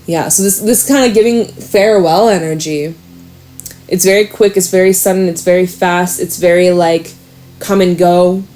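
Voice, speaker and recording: A woman giving a casual tarot reading, chatty and excitable, swearing and laughing now and then. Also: fairly low pitch, moderate pace, faint music behind. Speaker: tarot reader.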